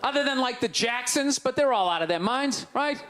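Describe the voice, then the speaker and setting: This middle-aged stand-up from Boston delivers a brash, ranting routine, mocking the people watching him live. His voice is very high, a bit bright, lively, and brisk; the club recording from his handheld stage mic includes crowd noise.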